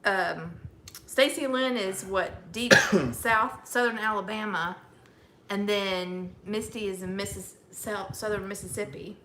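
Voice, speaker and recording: A woman co-host chatting casually at home, her voice bright and forceful as she tells animated, laughing stories. A faint hiss of noise sits under the recording. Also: mid-range voice, slow pace. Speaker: homestead channel co-host. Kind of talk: casual chat.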